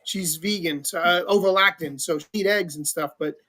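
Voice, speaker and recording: A man hosting a live-stream talk show, upbeat as he gives shout-outs and moves on to the next question. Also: sits high, moderate pace. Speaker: show host.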